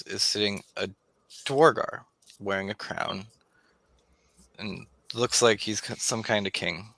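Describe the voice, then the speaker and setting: A man narrating a tabletop game as game master in slow, dramatic storytelling. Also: lowish voice, pushed and bright, dry recording.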